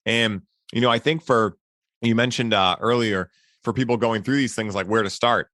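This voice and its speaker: A man's voice: on the low side, moderate pace, fairly bright tone, dry recording, clean studio sound. A man hosting a podcast who talks in an earnest, encouraging way, often adding "right?" and "man". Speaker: podcast host. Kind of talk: casual reflective conversation.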